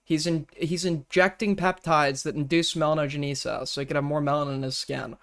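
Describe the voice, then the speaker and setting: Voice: mid-range voice, steady tone, a little fast, a bit bright. A co-host on a live stream, chatting casually and teasing viewers while reading out donations. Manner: reads donations aloud, teasing.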